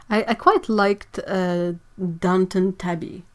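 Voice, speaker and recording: A woman chats casually on her art livestream, greeting viewers by name and answering their comments as she paints. Her voice sits at an ordinary middle pitch and grows quieter when she focuses on her work. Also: a little slow. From Quebec, Canada. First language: French. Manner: chatty, reads out viewer comments, drifts quieter while working. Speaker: artist livestreamer.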